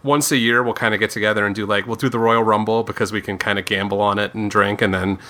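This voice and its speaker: A podcast co-host, this man talks in a bright, pushing tone, sitting a little low in pitch. He wanders through his stories, circling back with restarts and fillers as he goes. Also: fairly even intonation, fast. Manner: rambling, lots of likes and restarts. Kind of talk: casual chat.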